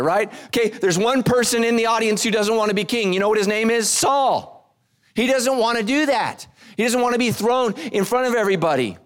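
Animated high-voiced male pastor preaching. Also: fairly quick. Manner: animated, acts out quotes with shifting voices. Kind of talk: sermon.

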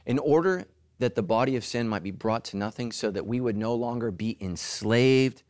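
A middle-aged male pastor preaching with animated energy, swinging his voice up high for mocking asides and down low for solemn points. His pitch sits in the middle range, and the sound is close and dry. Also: moderate pace, dry recording. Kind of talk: sermon.

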